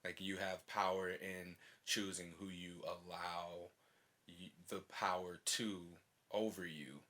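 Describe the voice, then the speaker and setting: A man's voice: deep voice, steady tone, slow pace, bright, forceful tone. A man hosting a podcast in casual conversation, frank and loose, swearing easily and checking that he understands his guest. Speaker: podcast host.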